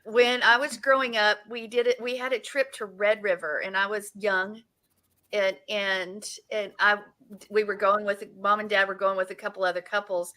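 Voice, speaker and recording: A woman around sixty co-hosting a casual chat, telling stories with lively restarts. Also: mid-range voice, moderate pace, low-quality recording. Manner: animated storytelling with frequent restarts. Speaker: co-host.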